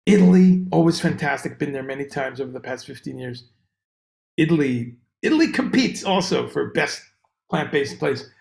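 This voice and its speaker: Man, livestream host, gravelly voice, slightly high pitch, rambling casual chat, echoey room. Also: moderate pace. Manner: rambling, animated, greets viewers by name. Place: room on tour abroad.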